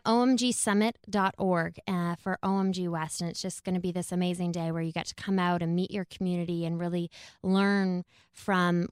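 Woman co-host chatting, upbeat and quick, dry close mic. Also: fairly low pitch, a little mellow, smooth, dry recording. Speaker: podcast co-host. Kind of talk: casual chat.

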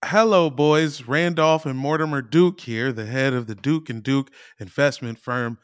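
A man's voice: mid-range voice, a little slow, clean tone, dry recording, clean studio sound, lightly acted. A man reading as a stuffy old banker. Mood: pompous. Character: stuffy old rich male investment bankers.

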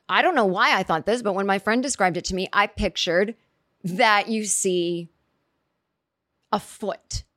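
A woman telling a comic story in a rambling, self-interrupting way, full of "like" and "you know", with sudden jumps in pitch for emphasis. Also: a bit bright, no room sound, clean studio sound.

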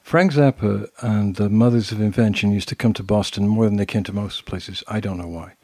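A man's voice: on the low side, a little fast, no room sound, studio quality. An older British man co-hosting a podcast, telling anecdotes in casual conversation and acting out the quotes. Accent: British English. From Britain. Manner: animated storyteller who acts out quotes. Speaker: podcast co-host.

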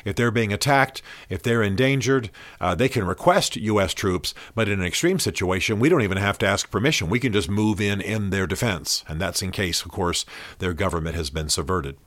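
Blunt, low-voiced podcast host. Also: male voice, fairly quick, fairly bright tone, no room sound. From United States. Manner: blunt, opinionated, conversational with fillers. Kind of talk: solo podcast commentary.

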